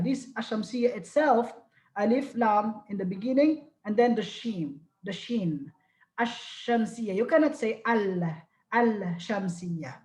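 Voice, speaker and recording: A woman teaching an online language lesson. She explains slowly and repeats each word so it can be drilled. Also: fairly high pitch, darkish tone, reverberant. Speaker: Arabic teacher.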